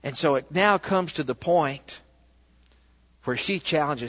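A male pastor preaching a sermon, telling a story with animated rhetorical questions in a church. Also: fairly high pitch, slow pace. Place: church sanctuary. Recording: echoey, dull church recording.

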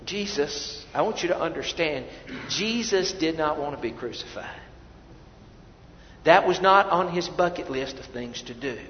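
A male pastor preaching a sermon, swinging between soft, hushed lines and loud emphatic ones and often repeating words as he restarts. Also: fairly high pitch, animated, unhurried, slight background noise. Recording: echoey hall, dull lo-fi sound.

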